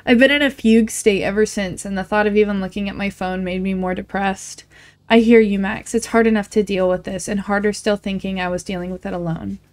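A woman hosting a let's play, reading game messages aloud in a casual way, with quick asides. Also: medium pitch, steady tone. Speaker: gaming channel host.

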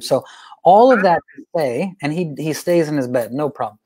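A man teaching about parenting in a conversational way, an animated storyteller who repeats phrases for emphasis. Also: on the high side, fast, no echo. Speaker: guest speaker on parenting.

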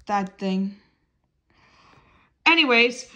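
Slow, chatty woman puppeteer. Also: a little high, lively intonation, fairly bright tone. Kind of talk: puppet show storytelling.

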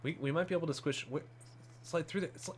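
A man's voice: on the high side, quick pace. A man playing a co-op game with a friend, giving orders, swearing and laughing as they fumble the controls. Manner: laughing, swearing, bossy instructions. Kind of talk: casual game commentary.

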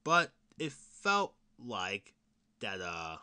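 A young podcast host chats alone, his bright, forward voice bouncing in pitch, smooth, with drawn-out words. He rambles, laughs, curses and keeps restarting, breaking into sudden loud bursts. Excited fan moments give way to mumbled asides and whispers.

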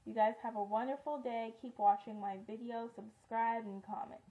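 A woman's voice: on the high side, steady tone, moderate pace, narrow, tinny audio. A teenage girl chatting through a casual beauty favorites vlog, rambling with lots of ums and likes. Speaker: beauty vlogger.

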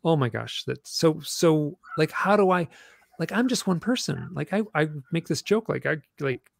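A man, a guest author, telling stories in an animated, rambling way with many restarts. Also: fairly high pitch, moderate pace, vocal fry. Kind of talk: storytelling interview chat.

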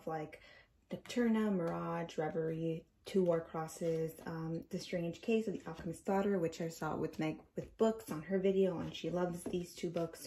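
In a warm, fairly low voice, a twenty-something book vlogger chats her way through a bookshelf tour. She rambles with many fillers and sounds a little out of breath.

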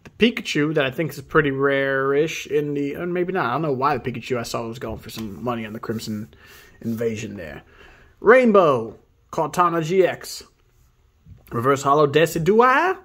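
A man hosting a video where he opens trading card packs, reading off each card and breaking into excited high exclamations at the good ones. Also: moderate pace. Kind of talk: casual pack-opening commentary.

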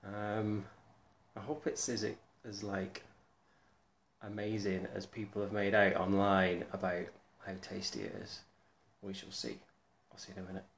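Creaky-voiced man, rambling video diary. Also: lowish voice, little pitch movement, a little slow. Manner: chatty, rambling, with many ums. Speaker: vlogger.

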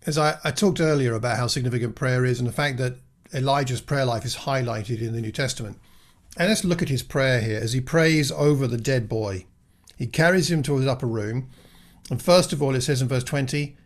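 Male preacher, mid pitch, earnest and reflective, often restarts and asks rhetorical questions. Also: moderate pace. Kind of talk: reflective Bible teaching.

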